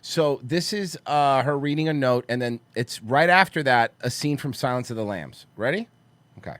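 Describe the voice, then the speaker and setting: A man co-hosting a podcast, chatting casually with halting, stammering restarts. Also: mid-range voice, expressive, a bit bright, no echo. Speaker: podcast co-host. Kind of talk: casual chat.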